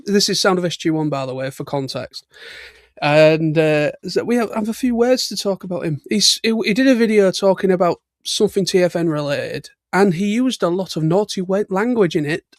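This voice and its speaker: High-voiced British man chatting casually. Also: brisk, dry recording, studio quality. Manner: chatty storytelling with laughs and restarts. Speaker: livestream host. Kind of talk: casual chat.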